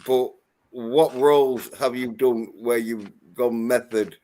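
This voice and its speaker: Brief: mid-pitched male streamer host, crude, teasing, repetitive. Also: fairly even intonation, slow, mellow. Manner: teasing, crude, repeats himself. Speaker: livestream host. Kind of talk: casual livestream chat.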